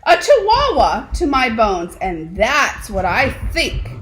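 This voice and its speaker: A woman puts on a cocky little kitten who insists he is a chihuahua, bragging in a sing-song way with playful mock Spanish flourishes. The voice sits high and swoops a lot, and the lines are drawn out slowly for storytime. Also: wildly swooping pitch, fairly bright tone, slight background noise, full character voice, low-quality recording. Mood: boastful. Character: excitable boy kitten who thinks he is a chihuahua.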